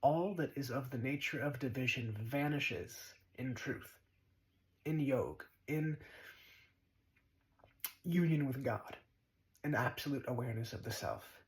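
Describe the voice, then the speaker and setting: A man giving a spiritual monologue speaks in a mid-range voice, taking his time and pausing often, on a rough recording. He's blunt and swears freely, mocking his listeners and pounding them with short, repeated commands.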